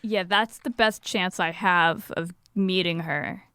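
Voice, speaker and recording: Smooth-voiced woman playing in character. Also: fairly low pitch, fairly even intonation, slow, pushed and bright, no echo, clean studio sound. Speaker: player. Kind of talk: in-character tabletop play.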